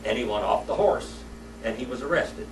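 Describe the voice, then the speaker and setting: A man's voice: medium pitch, animated, moderate pace, a little hiss or hum. A man teaching a church Sunday School class, telling folksy stories and quizzing his students. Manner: folksy storytelling, asks the class questions. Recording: echoey room, mic far off.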